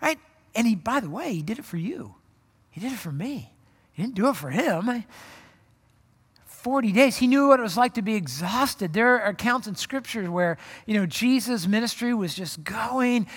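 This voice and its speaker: A man's voice: high-pitched, expressive, moderate pace, a bit bright, breathy edge, big-room sound. A man preaching a sermon in a conversational way, often acting out quoted voices. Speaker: pastor.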